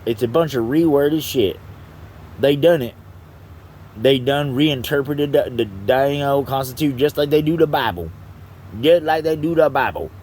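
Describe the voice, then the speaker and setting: Brief: man in a one-person rant, mid-pitched voice, heavy swearing, halting delivery, faint noise behind. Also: a little mellow. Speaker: vlogger. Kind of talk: angry profane rant.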